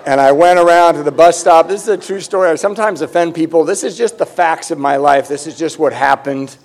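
A man's voice: on the high side, a little fast, gravelly, a little mellow. A middle-aged man telling his recovery story with humor, candid and self-deprecating. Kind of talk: personal testimony with humor.

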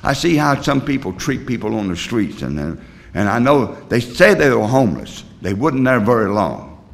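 A man's voice: mid-range voice, very animated, normal speed, vocal fry. An older man telling his personal recovery story to a group in a rambling, blunt way, full of fillers and restarts. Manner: plain, blunt working-class talk. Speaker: recovery meeting speaker.

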